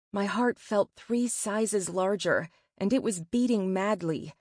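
A woman reads a first-person novel aloud at an unhurried, deliberate pace, measured and expressive. Her voice is mid-pitched and sits close to the mic in a dry, dead space. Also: breathy edge, no room sound. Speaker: audiobook narrator.

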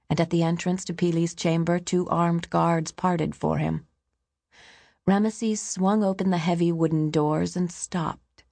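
A woman narrating an audiobook in a measured storytelling manner. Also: lowish voice, gravelly, mellow, no room sound.

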